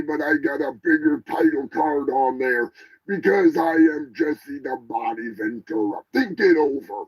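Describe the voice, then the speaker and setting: Brief: a man doing a raspy, rambling, high-as-a-kite former wrestler pitching a run for office, boastful and deadpan. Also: muffled recording, heavily acted. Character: gravelly rambling stoned ex-wrestler politician man. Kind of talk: comedic impression on a livestream.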